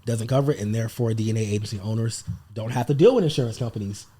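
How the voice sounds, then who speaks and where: A man's voice: lowish voice, very fast, slightly rough. A man talking casually as a podcast guest about his business, rambling with lots of fillers. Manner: relaxed, rambling, many fillers. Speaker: guest, paternity testing business owner. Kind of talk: casual interview talk.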